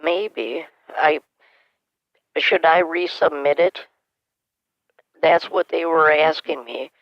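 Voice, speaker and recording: A man playing a muddled older woman who hesitates and rambles over each step. The voice is gravelly with a crackle of fry. It sits close and dry, with dull, lo-fi call audio. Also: on the high side, slow pace, no echo, pitched above the performer's own voice. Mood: dithering. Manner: hesitant, rambling, easily confused. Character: flustered older woman scam-call target. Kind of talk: scambaiting phone role-play.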